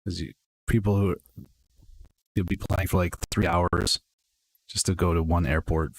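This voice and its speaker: A man's voice: sits low, steady tone, a little slow, gravelly, slight background noise. A young man casually chatting and rambling to his viewers while playing a flight game on a livestream. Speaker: streamer. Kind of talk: casual gaming livestream chat.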